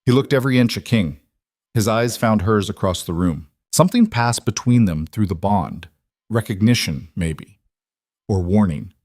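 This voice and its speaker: A man reading scripted audiobook narration in a measured, even storytelling manner. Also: lowish voice, dry recording, studio quality.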